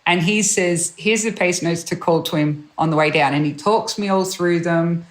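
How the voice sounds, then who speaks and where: A woman guest, a rally co-driver, telling stories in a chatty, animated way, acting out the voices of people she quotes and laughing often. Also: fairly low pitch, normal speed. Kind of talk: animated anecdotal storytelling.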